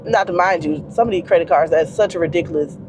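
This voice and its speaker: A woman's voice: fairly low pitch, quick pace, noisy background. A woman vlogger with a stuffy nose, rambling in casual chat straight to her viewers.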